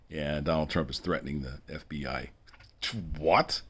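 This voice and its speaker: A man's voice: extremely low pitch, steady tone, slow, pauses often, a bit bright, slightly rough. A man rambling through a monologue for his video blog, repeating himself and chuckling between asides. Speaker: video blogger.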